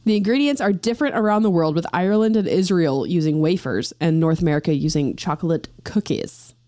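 A woman's voice: fairly low pitch, quick pace, warm tone, dry recording. Playful woman podcast host, dry sound. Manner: playful, reads facts aloud with jokey asides. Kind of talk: casual podcast chat.

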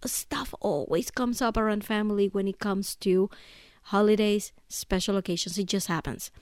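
A woman's voice: medium pitch, moderate pace, a little mellow, no room sound, studio quality. Chatty woman podcaster telling a story. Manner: chatty storyteller, keeps asking "right?". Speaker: podcast host. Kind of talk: casual solo monologue.

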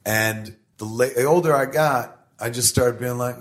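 A middle-aged man talks as a podcast guest, telling stories with plenty of swearing. His voice sits at an ordinary middle pitch, and he goes at his stories with animated energy. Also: moderate pace. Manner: animated, profane storytelling. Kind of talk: casual podcast conversation.

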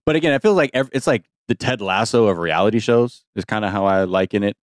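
A man's voice: on the low side, fast, no echo, studio quality. A male podcast host chatting casually and joking, often slipping into playful voices. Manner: joking, animated, playful impressions. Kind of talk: casual chat.

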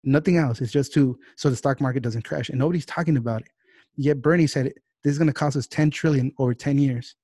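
A man's voice: mid-range voice, mellow, no room sound, clean studio sound. A man hosting a podcast, ranting heatedly and swearing freely in casual talk. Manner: heated, profane, fast-talking rants. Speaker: podcast host. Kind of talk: casual political rant.

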